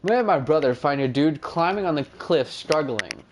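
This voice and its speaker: A man's voice: fairly high pitch, expressive, moderate pace, noisy background. A young man hosting a gaming channel, telling a loose, rambling story with fillers and mumbled asides. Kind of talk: casual storytelling over gameplay.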